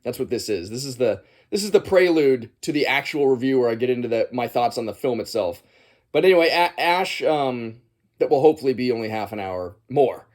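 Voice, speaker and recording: A man's voice: medium pitch, lively intonation, fairly quick, darkish tone. A man giving a casual, rambling movie commentary, often chuckling as he goes. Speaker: movie reviewer.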